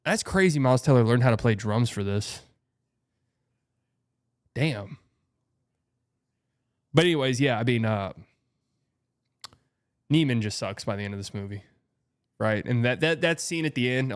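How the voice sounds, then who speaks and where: A man's voice: medium pitch, smooth. A young man hosting a casual livestream, rambling through a story, laughing often and swearing. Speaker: streamer and show host.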